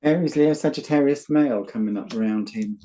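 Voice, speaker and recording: A British man in casual chat with a voice of middling pitch. He tells stories bluntly and earthily, then turns to reading tarot cards. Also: brisk, mellow. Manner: chatty storyteller, earthy and blunt. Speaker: tarot reader guest.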